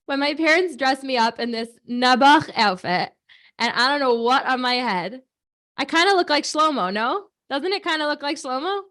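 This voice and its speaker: A woman in her thirties, hosting a children's prayer program on a video call, chatty and animated with many fillers and asides. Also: high voice, normal speed. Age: 30s. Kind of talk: lively talk to kids on a video call.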